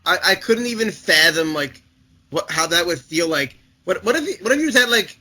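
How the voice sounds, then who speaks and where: A young man chatting loosely with a friend, stumbling through his thoughts with lots of restarts. His voice is very bright and sits a bit high for a man. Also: lively intonation. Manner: rambling, halting, many restarts and fillers. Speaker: podcast co-host. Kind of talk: casual chat.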